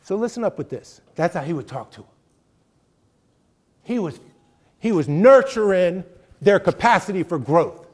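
This middle-aged guest lecturer has a high-sitting, expressive, slightly mellow voice, speaking at normal speed with frequent pauses. He gives an emphatic, conversational college lecture, repeatedly checking in with "right?"

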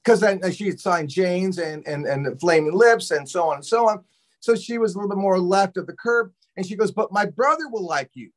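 A man from Los Angeles, a drummer guest on a talk show, telling a long story in a loose, animated way, cursing often and acting out what people said. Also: high voice, fairly quick. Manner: animated, profane, acts out quotes. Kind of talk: casual storytelling interview.

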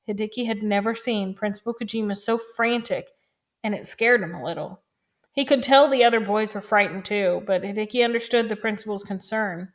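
A woman reading a chapter of a novel aloud at a calm, unhurried pace. Her delivery is steady and measured, with a middle-pitched voice that stays soft and quiet. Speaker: reader.

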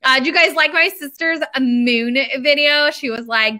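Bright, high-voiced chatty woman. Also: normal speed. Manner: chatty and upbeat, talks straight to viewers; informal, loose fillers and asides. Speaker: bakery owner hosting a live stream. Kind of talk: casual live-stream chat. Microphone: computer camera mic.

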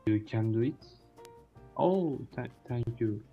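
A man speaking in halting, hesitant broken English over a game's voice chat. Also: mid-range voice, expressive, creaky, faint music behind. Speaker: game player. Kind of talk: in-game voice chat. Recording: dull lo-fi voice chat.

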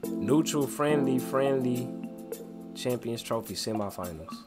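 Animated young man, lively gameplay commentary. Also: mid-range voice, a little slow. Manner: animated, trash-talking, slangy. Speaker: gaming channel host. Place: at home, late at night. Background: background music.

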